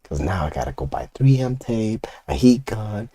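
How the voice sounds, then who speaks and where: Inking his art, an older Puerto Rican comic artist vents to his chat with casual profanity in a fairly low, mellow, husky voice. His pitch swings widely at a normal speed, and there's no echo.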